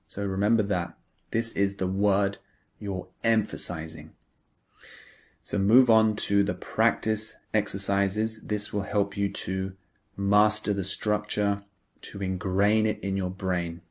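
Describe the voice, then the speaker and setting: A man's voice: on the low side, little pitch movement. A man teaching an English lesson, explaining a speaking pattern patiently and step by step. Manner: slow, patient, explains each example step by step. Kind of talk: scripted lesson narration.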